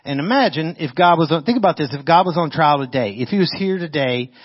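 A man's voice: fairly high pitch, animated, fast talker, husky. A man preaching a sermon in a conversational way, often putting questions to his listeners. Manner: conversational, asks the audience questions. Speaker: pastor. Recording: dull lo-fi audio.

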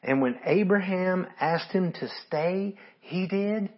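Husky-voiced man preaching earnestly. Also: sits high, slow pace, highs cut off. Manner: earnest, conversational preaching with scripture read aloud. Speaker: pastor. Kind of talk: sermon.

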